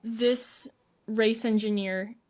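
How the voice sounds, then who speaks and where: A woman co-hosting a casual podcast, retelling stories in an animated way and swearing freely, recorded at home. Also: on the high side, slow. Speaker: podcast co-host. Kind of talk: casual chat. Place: at home in an apartment.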